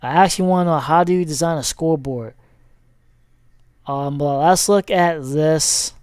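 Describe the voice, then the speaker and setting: A man's voice: a little high, normal speed, a little mellow, clear, resonant tone, no room sound, studio quality. A man giving a casual, rambling sports recap as he clicks through a screen, with many fillers and self-corrections. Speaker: sports vlogger.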